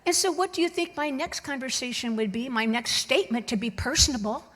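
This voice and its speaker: Husky woman telling stories in a church. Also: high-pitched, a little fast. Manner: lively, animated storytelling with laughter. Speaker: church conference speaker. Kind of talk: personal testimony storytelling. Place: church sanctuary. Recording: long reverb from a church hall.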